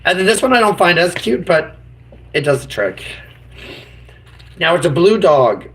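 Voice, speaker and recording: A man's voice: sits high, very animated, moderate pace, a bit bright, poor audio. A man chatting as a YouTuber on a live stream, goofy and rambling, full of silly made-up words.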